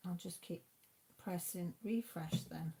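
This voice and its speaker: At home, a woman hosts a craft live stream, reading out comments and exclaiming as she chats with viewers. Her voice is lowish and warm, and she speaks at a measured pace.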